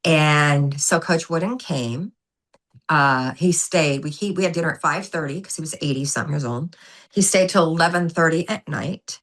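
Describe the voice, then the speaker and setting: Bright, animated woman telling stories. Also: low voice, moderate pace. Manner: animated, emphatic storyteller who acts out quotes. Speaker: guest, former gymnastics coach. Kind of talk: storytelling in a podcast interview.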